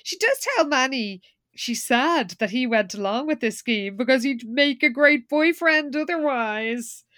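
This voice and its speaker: A woman co-hosting a podcast, telling the story of an episode in lively casual chat and acting out the characters' lines. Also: high voice, unhurried, no echo, clean studio sound. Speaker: podcast co-host.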